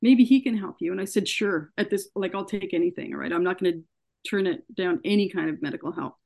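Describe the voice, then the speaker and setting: A woman's voice: lowish voice, steady tone, fast, creaky. Earnest woman retelling a hard story. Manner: earnest, often acts out dialogue in her retelling; repeats words and restarts when upset. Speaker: guest, researcher. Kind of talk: telling her own story in conversation.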